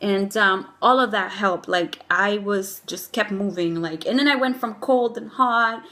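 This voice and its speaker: A woman's voice: medium pitch, unhurried. Chatty young woman gushing about her story. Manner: animated, gushing, many "like" and "oh my God" fillers. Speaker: new mother telling her birth story. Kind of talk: casual personal storytelling.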